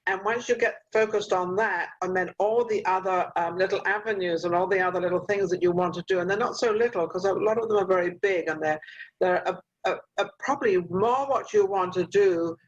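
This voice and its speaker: A woman's voice: medium pitch, a little fast. An older woman hosting an interview over a video call, chatty and motherly as she hands out advice, with plenty of fillers. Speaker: talk show host. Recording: muffled video call audio.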